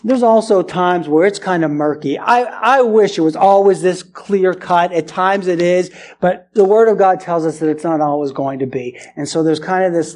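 A man preaching a sermon as pastor, animated, dropping to quiet earnest lows and climbing to raised, exclaiming passages, often restarting and repeating words. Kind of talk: expository sermon.

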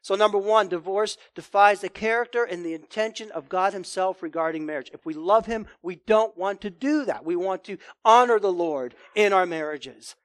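High-voiced man preaching with dry sound. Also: dry recording. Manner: earnest preaching, emphatic on key words. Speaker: pastor. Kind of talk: sermon.

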